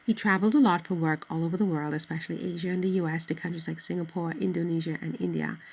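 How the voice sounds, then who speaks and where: A woman reads a novel aloud in a steady, measured way. Her voice is low with a noticeable gravelly fry, and the delivery stays even, as in a scripted audiobook. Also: rough recording. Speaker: narrator.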